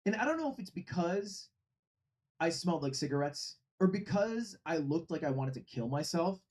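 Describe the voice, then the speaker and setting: Animated, swearing man telling a story. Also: fairly high pitch, normal speed. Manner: animated and profane. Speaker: streamer. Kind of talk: casual storytelling.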